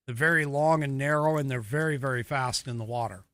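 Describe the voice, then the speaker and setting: A man's voice: mid-range voice, brisk, fairly bright tone, clean tone, no room sound. A middle-aged man hosting a podcast, giving casual political commentary in a conversational way, with frequent fillers and self-corrections. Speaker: podcast host.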